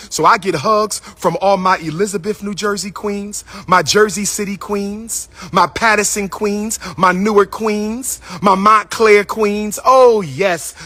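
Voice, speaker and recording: A man's voice: high voice, bright, forceful tone, dry recording. A man hosting a casual livestream, talking to his viewers in a playful, repetitive, sing-song way. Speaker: livestream host. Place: indoors at his school building.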